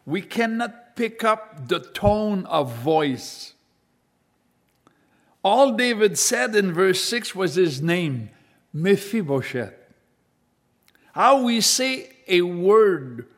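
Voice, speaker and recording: A man preaching a sermon, reading scripture aloud and explaining it slowly and deliberately. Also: sits high, lively intonation, fairly bright tone.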